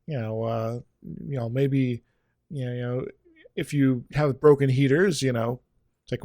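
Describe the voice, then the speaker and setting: A man's voice: medium pitch, fairly even intonation, unhurried, dark tone, no room sound, clean studio sound. A man co-hosting a podcast in casual chat, joking and throwing in silly mock quotes. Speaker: podcast co-host.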